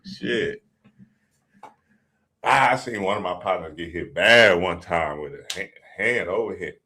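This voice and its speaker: A man's voice: low voice, unhurried, fairly bright tone. A man hosting a show, talking in a casual, profane, slang-heavy monologue full of stories. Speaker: podcast host.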